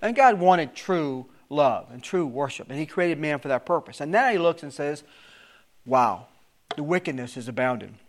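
A man's voice: fairly high pitch, lively intonation, normal speed, hardly any pauses. A man teaching a verse-by-verse Bible study, reading scripture aloud with rising emphasis, then explaining it in plain talk with frequent repeated words. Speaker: preacher.

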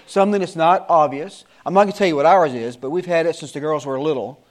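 A man's voice: fairly high pitch, quick pace. A man in his sixties, a Sunday school teacher giving his class an earnest, repetitive warning in casual talk. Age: 60s.

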